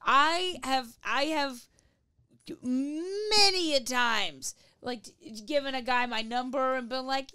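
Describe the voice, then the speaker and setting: A woman in casual podcast chat who talks about herself with humor and jumps into high-pitched acted quotes. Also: moderate pace, sharp tone, clean tone, no room sound. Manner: chatty and self-mocking, bursts into high acted quotes.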